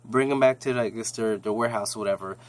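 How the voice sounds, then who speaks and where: A man's voice: on the low side, fast. A man casually recapping a TV episode in a rambling, slangy way with lots of restarts.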